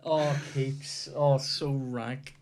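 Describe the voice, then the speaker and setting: A man's voice: mid-range voice, fairly even intonation, extremely slow, darkish tone. A young man hosting a comedy podcast, swearing freely and telling stories while playing a football video game, breaking into rants at the match.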